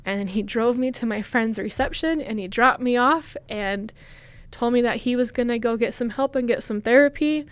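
A young woman talks through a personal story as a guest on an interview podcast. Her delivery is candid and halting, with plenty of "like" and "um" along the way. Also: on the high side, clear, resonant tone, no room sound. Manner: candid, halting, with many fillers.

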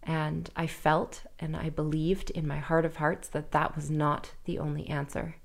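Woman, 30s, guest; earnest, halting personal storytelling, fairly low voice. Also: little pitch movement, vocal fry. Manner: earnest, halting, with nervous laughs. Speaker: podcast guest.

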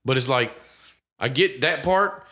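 Man, co-host on a casual movie podcast, bright edge to the voice, heavy swearing, animated. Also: medium pitch, measured pace. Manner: animated, swears constantly, acts out quoted characters. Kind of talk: casual profane chat.

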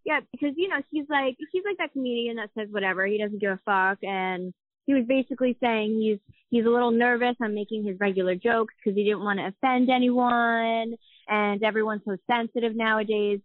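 A woman's voice: fairly high pitch, fairly quick, dry recording, narrow, tinny audio. A woman in her thirties co-hosting a podcast, chatting casually and swearing as she tells gossip stories. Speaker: podcast co-host.

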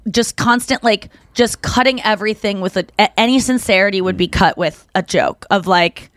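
A woman's voice: mid-range voice, normal speed, no room sound. Woman host rambling along in casual chat, lots of likes and you knows, dry close sound. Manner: rambling, animated storytelling with many fillers. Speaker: podcast host.

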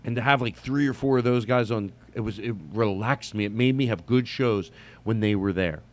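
A man with a slightly low voice hosts a solo comedy podcast. He rambles casually, restarts his sentences and swears freely. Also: normal speed.

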